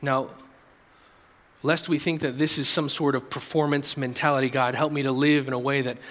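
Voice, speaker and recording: A man preaching a sermon to his congregation, earnest, dropping soft and low for quoted prayers and rising for exhortation. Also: flat delivery, normal speed, long reverb tail. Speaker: pastor. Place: church.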